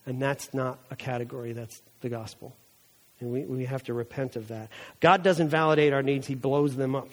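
A man's voice: medium pitch, fairly even intonation, moderate pace, in a large hall. A male pastor giving a conversational sermon and acting out the people in the story as he goes. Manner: conversational preaching, voicing characters in asides.

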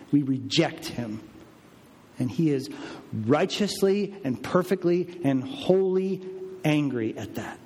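A man preaching a sermon with emphatic delivery, rising for stress and dropping low for weight. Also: lively intonation, slow pace, darkish tone, long reverb tail. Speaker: pastor.

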